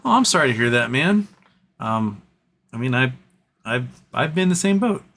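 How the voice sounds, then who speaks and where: A man's voice: mid-range voice, big pitch swings, normal speed, fairly bright tone, slight background noise. A man hosting a casual livestream, reading chat messages aloud and answering them in an earnest, rambling way with frequent restarts.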